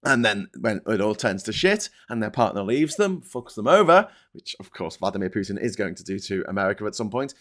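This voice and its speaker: Sweary, animated British man. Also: lowish voice, fairly quick, few pauses. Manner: animated, sweary, rambling with restarts. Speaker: host of a live commentary show. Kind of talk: casual political commentary.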